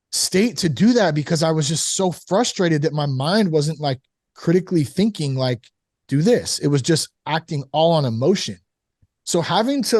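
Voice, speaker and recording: A man casually telling a candid personal story about fatherhood and recovery, animated, full of "like" and "you know". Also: a little high, no room sound, studio quality. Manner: candid, animated, acts out quoted voices; frequent fillers like "like" and "you know". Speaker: sober father on a recovery podcast.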